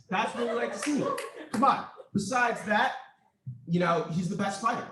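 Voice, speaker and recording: A man's voice: very high-pitched, expressive, normal speed, a crowd in the background. A man giving a playful, joking impromptu speech. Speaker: student speaker. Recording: echoey room, distant mic, audience.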